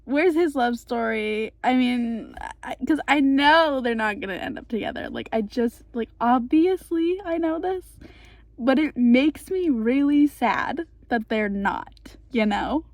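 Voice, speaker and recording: A young woman's slightly high, expressive voice, a bit slow and dry-recorded, reacts to a book in a casual reading vlog. As a book vlogger, she swings between gushing and exasperation, laughing and ranting.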